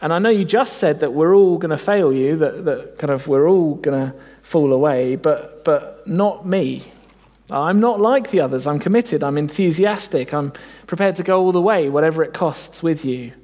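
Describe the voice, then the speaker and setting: A man's voice: fairly high pitch, normal speed, darkish tone, lightly acted. A man preaching who voices an eager, overconfident male disciple, insistent and self-assured, in a reverberant hall.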